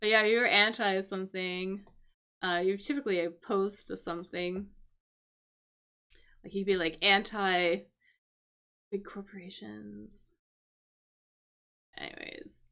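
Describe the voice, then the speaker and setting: A woman's voice: medium pitch, steady tone, unhurried, vocal fry, pauses often, sharp tone, smooth. A woman teaching English on a live stream, thinking aloud and explaining words as she solves a crossword. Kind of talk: casual live-stream lesson.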